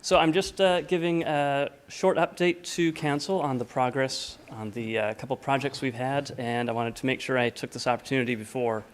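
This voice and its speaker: A man presenting a housing project update to a town council, relaxed and informal with many filler sounds. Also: medium pitch, moderate pace, few pauses. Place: council chamber.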